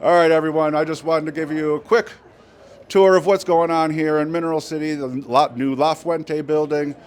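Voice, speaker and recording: A man's voice: on the high side, steady tone, normal speed, a little hiss or hum. Upbeat man hosting on location. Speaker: show host. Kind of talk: on-location interviewing. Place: busy mineral gallery event.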